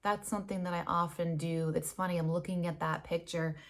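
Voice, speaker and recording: A woman with a lowish voice talks through an oracle card reading on her vlog. She gushes earnestly, draws out the words she loves and laughs softly between thoughts. At times she sinks into a near whisper. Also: steady tone. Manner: earnest and gushing, slowing to savor words, with soft laughs. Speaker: spiritual vlogger reading oracle cards. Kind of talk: casual spiritual vlog talk.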